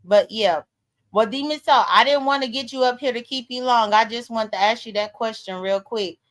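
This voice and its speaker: Woman livestream host, casual commentary, blunt and profane, slightly high voice. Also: normal speed, fairly bright tone. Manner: talks straight to viewers as "y'all". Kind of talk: casual live-stream commentary.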